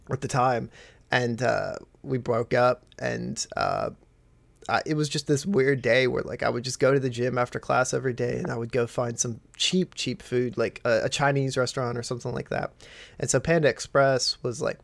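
Gravelly young man telling crude stories. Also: mid-range voice, normal speed, no room sound. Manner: crude, animated storyteller acting out quotes. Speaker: podcast host. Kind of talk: casual storytelling chat.

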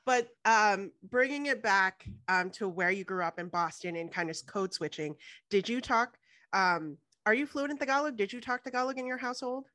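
A woman from Houston hosting a podcast, asking questions in relaxed casual talk and laughing easily. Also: mid-range voice, moderate pace, no room sound. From Houston, Texas. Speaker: podcast host.

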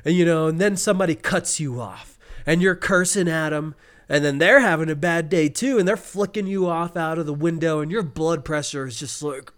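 A man co-hosting a podcast, telling an animated story and acting out frustrated cursing. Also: on the high side, moderate pace, clean tone. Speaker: podcast co-host. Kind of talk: casual podcast chat.

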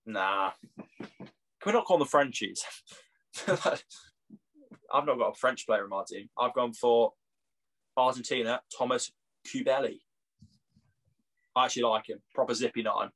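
A young English man trading banter on a podcast, mid-pitched and laughing a lot. He jokes, teases and keeps things easygoing. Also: moderate pace, pauses often, fairly bright tone. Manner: jokey, laughs often. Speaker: podcast co-host. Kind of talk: casual chat.

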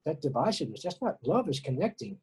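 A man's voice: fairly high pitch, sing-song, quick pace, warm tone, husky, low-quality recording. A middle-aged man from Texas, an interview guest speaking earnestly and emotionally about spirituality, often repeating words and restarting. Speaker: interview guest, former prisoner.

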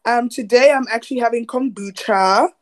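A woman's voice: a little high, normal speed. A woman from South Africa co-hosting a podcast in a casual, chatty way, laughing and dropping slang. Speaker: podcast co-host. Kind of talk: casual chat.

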